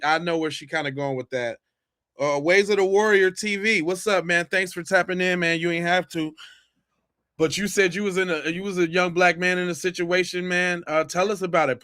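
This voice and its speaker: A man's voice: a little high, pushed and bright, dry recording, clean studio sound. A man hosting a podcast, reacting to viewer clips with slangy, mocking banter. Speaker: podcast host.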